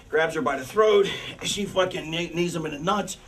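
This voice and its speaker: A man's voice: fairly high pitch, a little slow, distant mic, a little hiss or hum, low-quality recording. A man backstage walking through a planned wrestling match, rambling and profane, with many fillers and restarts.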